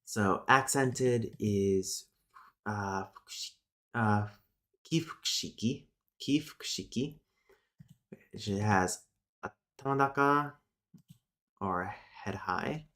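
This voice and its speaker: A man's voice: lowish voice, takes it slowly, long pauses, a bit bright. Male streamer, casual lesson host, reads notes aloud, mutters asides. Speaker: streamer teaching linguistics.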